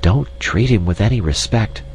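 Gushy high-pitched chimp girl, man doing the voice, storybook style. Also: animated, normal speed, a little mellow, slight background noise. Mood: conspiratorial. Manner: gushing, enthusiastic. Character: excitable female chimpanzee.

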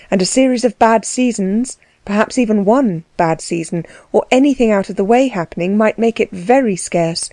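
Dark-toned woman narrating. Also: mid-range voice, no room sound. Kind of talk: scripted audiobook narration.

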